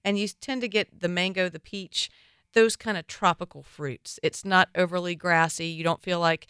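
A woman's voice: on the low side, fairly even intonation, normal speed, fairly bright tone, clear, resonant tone, dry recording. A woman giving casual, opinionated wine commentary with punchy asides, recorded on a close mic.

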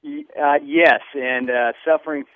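A man with a Southern US accent, a chef guest on a radio show, talking in a halting way with many fillers, heard over a phone. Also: on the high side, sing-song, vocal fry, no room sound. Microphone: telephone. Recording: tinny phone line.

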